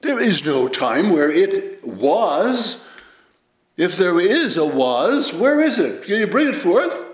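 Reflective man giving a Zen dharma talk. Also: high voice. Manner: measured, reflective, lively storytelling. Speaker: Zen teacher. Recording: roomy echo.

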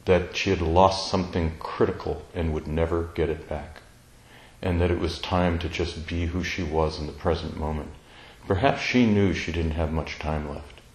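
Deep-voiced man, tender and reflective. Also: steady tone, moderate pace, a little mellow, echoey room, poor audio. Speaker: speaker sharing a personal story. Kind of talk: reflective personal storytelling.

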